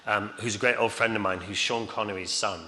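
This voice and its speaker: A man's voice: lowish voice, steady tone, brisk, over a noisy crowd. A middle-aged man telling rambling, chuckling anecdotes on stage as a guest, with many fillers. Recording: reverberant hall, faint noise.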